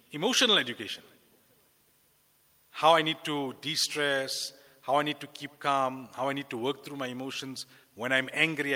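A man preaching a sermon with lively delivery, acting out the voices he quotes. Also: fairly high pitch, in a large hall. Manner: animated, acts out quoted voices. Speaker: Islamic preacher.

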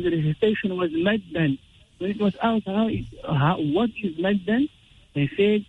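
A man teaching Quran recitation rules, explaining slowly and chanting drawn-out example verses. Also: sits high, gravelly, slight background noise. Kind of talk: tajweed lesson with recited examples. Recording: tinny phone-like radio sound.

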